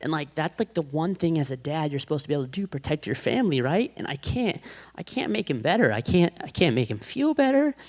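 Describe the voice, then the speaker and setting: A man's voice: fairly high pitch, big pitch swings, quick pace, darkish tone. Man telling his testimony, filler-heavy. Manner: casual, heavy use of "like", acts out quotes. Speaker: podcast guest. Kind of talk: personal testimony.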